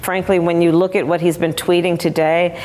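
Woman in an interview clip, lowish flat voice, halting answer. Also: a little hiss or hum. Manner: hesitant, restarts often.

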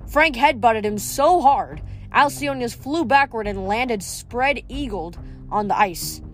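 A woman's voice: on the high side, lively intonation, slow pace, a bit bright, faint music behind. Woman reading a novel aloud. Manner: reads with small slips and self-corrections. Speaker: audiobook reader.

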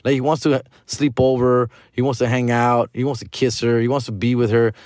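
A male comedian rants on his podcast, and his talk is loose, slangy and exasperated, with bits of Spanish slang thrown in. His voice sits at a middling pitch. The sound is dry and close, with no room echo. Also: flat delivery, brisk, darkish tone. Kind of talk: casual podcast rant.

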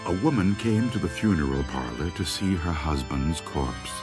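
A man reading scary stories aloud, slow and expressive. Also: very deep voice, over music. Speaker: storyteller.

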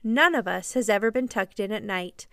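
A woman's voice: mid-range voice, normal speed, vocal fry, pushed and bright, clean tone, dry recording, studio quality. A woman reading the part of a cunning, boastful boy who never grows up, in a coaxing, sly manner.

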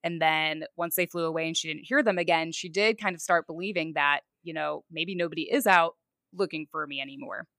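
A woman's voice: low voice, a little fast, pushed and bright, dry recording, clean studio sound. A woman co-hosting a podcast, telling a true crime story in a conversational way with casual fillers. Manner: conversational, fillers like "you know" and "like".

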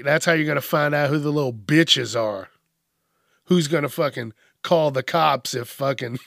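Gravelly, profane man ranting. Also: on the high side, a bit bright, dry recording, studio quality. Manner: profane, mocking, acts out whiny voices. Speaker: podcast host. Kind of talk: crude comedic rant.

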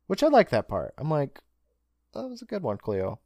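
A man co-hosting a casual podcast, retelling a show's scenes with quick character lines and frequent laughs. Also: fairly high pitch, wildly swooping pitch, mellow, no echo. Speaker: podcast co-host. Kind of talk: casual recap chat.

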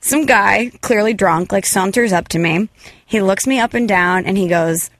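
A woman's voice: mid-range voice, moderate pace, a bit bright, no echo. A young woman co-hosting a casual podcast, telling stories in a chatty way and laughing often. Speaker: podcast co-host.

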